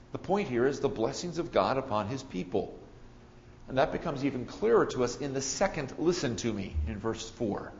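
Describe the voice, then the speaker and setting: A man preaching an expository sermon, rising on key words and then dropping low. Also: highs cut off, a little hiss or hum. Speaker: pastor.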